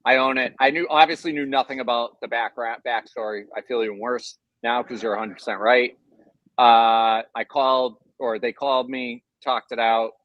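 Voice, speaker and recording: A man's voice: mid-range voice, fairly even intonation, normal speed, no echo, highs cut off. A man co-hosting a podcast, talking in an apologetic, sheepish and conceding way. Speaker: podcast co-host. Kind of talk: casual chat.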